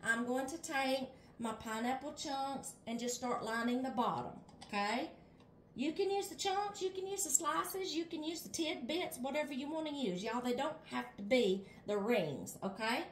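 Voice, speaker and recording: Older woman, Southern drawl, a little high-pitched, homey cooking chat, talks straight to viewers. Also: animated, moderate pace, a little hiss or hum. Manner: chatty, keeps addressing viewers as y'all and checking okay. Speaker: home cooking vlogger. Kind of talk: casual cooking demonstration. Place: home kitchen.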